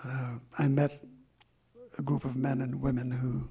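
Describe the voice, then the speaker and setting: An older man, a memoir author, telling stories from his life slowly and reflectively at a live talk on stage. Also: mid-range voice, level tone, warm tone. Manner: slow and reflective, with drawn-out pauses. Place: stage event before an audience.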